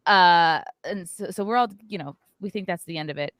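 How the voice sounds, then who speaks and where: A woman, hosting a podcast and telling a story in a lively chat, acting out the voices of the people in it. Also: lowish voice, fairly quick, dry recording, studio quality. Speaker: podcast host.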